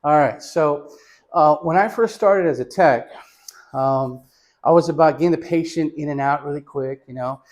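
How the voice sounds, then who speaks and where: A man's voice: a little high, moderate pace. A man teaching chest X-ray positioning, talking casually to students and giving patients instructions. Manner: casual, talks to students as "you guys"; gives patient instructions loudly. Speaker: radiography instructor. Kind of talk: hands-on teaching demonstration and storytelling.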